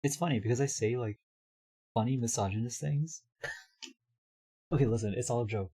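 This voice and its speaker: A hoarse young man streaming live, chatting casually, reading his chat aloud and laughing often. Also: mid-range voice, normal speed, warm tone.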